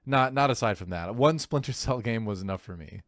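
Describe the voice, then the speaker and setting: A man's voice: on the low side, expressive, a little fast, a bit bright, dry recording. A man co-hosting a casual podcast chat, wry and joking with dry teasing remarks. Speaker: podcast co-host.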